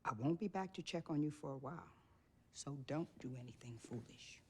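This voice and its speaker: An actress playing a middle-aged care-home nurse who speaks in a soothing, firm way. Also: female voice, sits low, expressive, fairly quick, dark tone, slightly rough, exaggerated voice.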